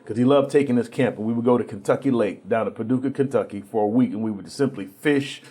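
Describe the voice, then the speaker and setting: A man telling stories on a TV interview show. He speaks at a middle pitch and brings the people he quotes to life as he goes. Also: fast, slightly rough. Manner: relaxed storyteller acting out quoted voices, with frequent restarts. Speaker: guest. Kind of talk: storytelling in a TV interview.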